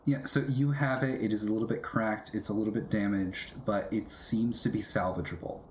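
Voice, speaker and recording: A man running a tabletop game as game master, easygoing and quick to laugh. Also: fairly low pitch, fairly even intonation, darkish tone, roomy sound, a little hiss or hum.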